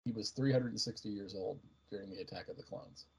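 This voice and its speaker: A man's voice: on the low side, quick pace, darkish tone, husky. A man co-hosting a casual podcast, chatting about trivia, on a muffled recording. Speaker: podcast co-host. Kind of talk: casual recap chat.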